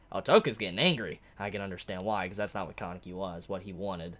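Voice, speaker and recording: A manga reviewer with a deep voice reacts aloud while reading a chapter, speaking quickly with few pauses. He thinks out loud, restarts sentences, and bursts into delighted shouts.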